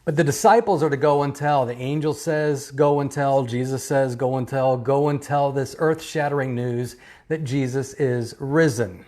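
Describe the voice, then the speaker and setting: Man, pastor, online sermon, mid-pitched voice, emphatic, repetitive, rhetorical questions. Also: steady tone, moderate pace, darkish tone. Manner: emphatic, repeating key phrases, rhetorical questions. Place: church, streamed online.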